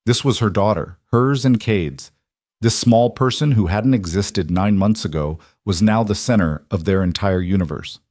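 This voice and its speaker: A man reading a scripted western story as narrator in a measured, earnest way. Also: lowish voice, darkish tone, dry recording, studio quality.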